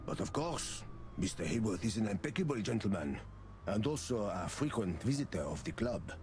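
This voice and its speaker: Game bull bouncer: low, courteous, lilt, swings in pitch. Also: male voice, sing-song, normal speed, slight background noise. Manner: formal, courteous, calls everyone gentlemen or sir. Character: towering polite bull bouncer at a club door. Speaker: game character.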